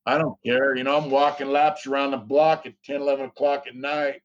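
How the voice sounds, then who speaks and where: A man's voice: mid-range voice, little pitch movement, brisk. Male interview guest, casual storyteller, rambling and profane, dull lo-fi sound. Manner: rambling, profane, many fillers.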